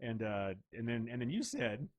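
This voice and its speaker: A man's voice: mid-range voice, big pitch swings, moderate pace, a little mellow. A man co-hosting a podcast in casual chat, wisecracking and crude. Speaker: podcast co-host.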